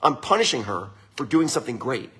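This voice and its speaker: Middle-aged guy, winery owner, chatting upbeat to his viewers, husky voice, swings up and down a lot. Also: medium pitch, sing-song, fairly quick, fairly bright tone. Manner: upbeat, chatty, often tags lines with "right?". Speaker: winery owner hosting a livestream. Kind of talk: casual motivational talk to viewers.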